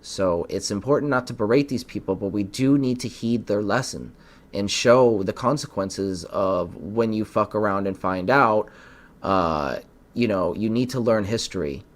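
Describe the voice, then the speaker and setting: A man hosting a podcast, giving earnest political commentary and often stumbling over his words. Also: fairly low pitch. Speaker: podcast host.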